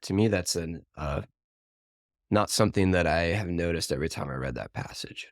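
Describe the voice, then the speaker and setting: A deep-voiced man in a conversational Bible discussion, thoughtful and a little hesitant as he works out his ideas. The recording is dry and close, with no room sound. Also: normal speed, no echo. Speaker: podcast co-host.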